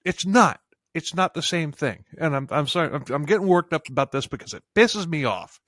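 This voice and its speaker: A high-pitched male podcast host speaks in a casual interview. He talks with passion, stumbling over his words and restarting his sentences. The sound is dry and close, with no room echo. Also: expressive, fairly quick, fairly bright tone. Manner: impassioned, many restarts.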